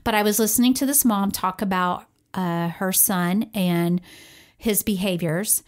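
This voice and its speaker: A woman co-hosting a parenting podcast, telling a personal story in casual chat, animated and laughing often as she talks. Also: mid-range voice, measured pace. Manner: animated storyteller who acts out quoted voices.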